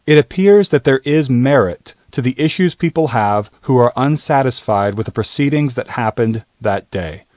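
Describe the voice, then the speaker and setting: Male commentator, steady scripted voice-over, mid pitch. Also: normal speed, few pauses, dry recording. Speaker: video commentator.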